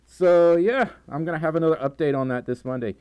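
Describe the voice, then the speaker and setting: A man hosting a casual livestream, excitable and giggly, breaking into sudden high squeals. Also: brisk, smooth. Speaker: livestream host.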